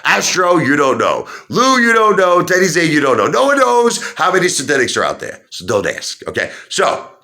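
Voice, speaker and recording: A middle-aged man ranting heatedly to his viewers about stocks, repeating himself and rising to shouts. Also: on the high side, moderate pace, few pauses. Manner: animated, repetitive, rising to shouts. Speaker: stock market video host. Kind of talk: heated opinion rant.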